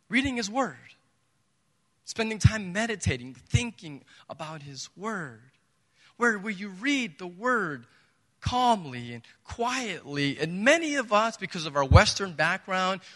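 A man with a pushed, bright voice on the high side preaches as pastor, emphatic yet conversational, posing rhetorical questions to his congregation. The recording carries the echo of a church hall in the sanctuary.

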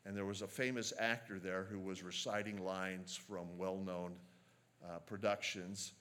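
A man preaching a sermon as a pastor, earnest and measured, slowing down to stress quoted lines. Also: sits low, flat delivery, a bit bright.

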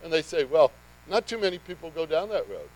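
Male pastor, slightly high voice, chatty sermon delivery with emphatic swells, faint hum. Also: very animated, fairly quick, darkish tone, low-quality recording. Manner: conversational, building to emphatic bursts.

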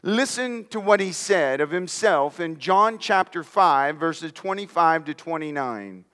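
A man's voice: a little high, lively intonation, a little slow, a bit bright, long reverb tail. A man preaching a sermon as pastor, emphatic, sometimes dropping to near-whispers for stress, and calling his listeners friends. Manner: addresses listeners directly as friends.

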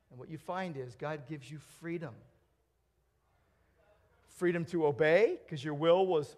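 A man preaching a sermon in a church, earnest, swinging between emphatic declarations and hushed, quiet stretches. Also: a little high. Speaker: pastor.

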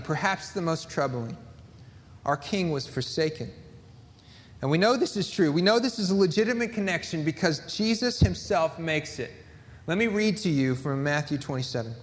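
A man delivers a sermon with earnest conviction, reading scripture and hammering key lines through repetition. His voice sits a little high for a man. It carries with a long reverb, as in a church sanctuary. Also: animated, moderate pace. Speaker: pastor.

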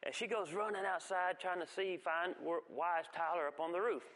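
A man giving a folksy church testimony, telling stories with halting restarts. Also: high-pitched, steady tone, a bit bright. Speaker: guest speaker giving testimony. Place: church sanctuary. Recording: long reverb of a church hall.

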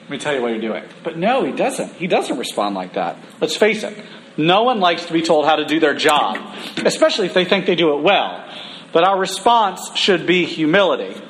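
A man preaching a conversational sermon, humorous at times and slowing down for emphasis. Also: a little high, sing-song, a bit bright, a little hiss or hum.

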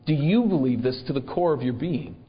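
A man's voice: fairly high pitch, lively intonation, fairly quick, long reverb tail, lo-fi sound. A man preaching a sermon, reading scripture and asking the congregation rhetorical questions. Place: church.

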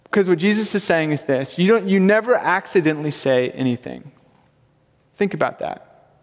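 A man's voice: on the high side, expressive, normal speed. A young man preaching a sermon as a pastor, casual and conversational with self-deprecating humor. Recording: long hall reverb.

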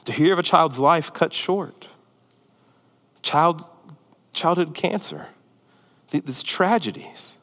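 Pastor, male, slightly high voice, animated sermon delivery with loud peaks and hushed asides, long reverb. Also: slow pace, long pauses. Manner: animated, swings from loud excitement to hushed near-whispers.

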